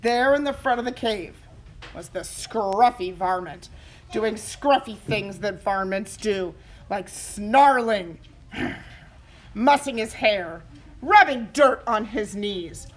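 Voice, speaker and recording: A woman teacher reading a picture book aloud to her class, expressive and asking the children questions. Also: medium pitch, slow pace.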